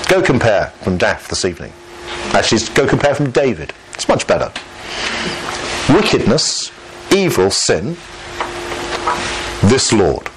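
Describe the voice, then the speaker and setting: A man preaches a sermon, and his pitch rises and falls a great deal as he talks. He sounds conversational, drops in light humour and keeps putting questions to his congregation. Faint background noise sits under his voice. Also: poor audio. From Lancashire, England.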